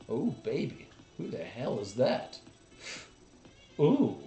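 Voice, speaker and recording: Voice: medium pitch, wildly swooping pitch, slow pace, long pauses, mellow, roomy sound, faint music behind. A streamer giving sarcastic, worked-up reaction commentary on a cooking video, swearing often.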